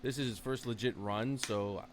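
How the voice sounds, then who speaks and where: A man's voice: medium pitch, fairly even intonation, normal speed, slight background noise. A man co-hosting a wrestling podcast, rambling casually with many fillers and acting out quotes. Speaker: podcast co-host.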